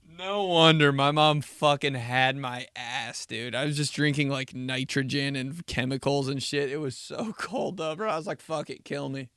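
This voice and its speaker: Bright, clear-voiced man telling stories. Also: mid-range voice, moderate pace, few pauses, dry recording, clean studio sound. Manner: laid-back, profane, laughing storyteller. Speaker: podcast host. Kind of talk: casual solo podcast storytelling.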